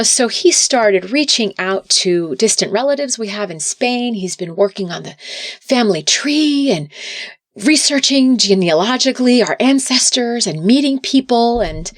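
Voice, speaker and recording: A woman's voice: a little high, expressive, unhurried, no room sound, clean studio sound. A middle-aged woman talking earnestly as a podcast guest, sometimes repeating words as she restarts. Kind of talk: casual interview talk.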